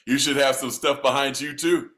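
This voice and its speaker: A man co-hosting an interview, chiming in with relaxed joking asides. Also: medium pitch, normal speed. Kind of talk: casual chat.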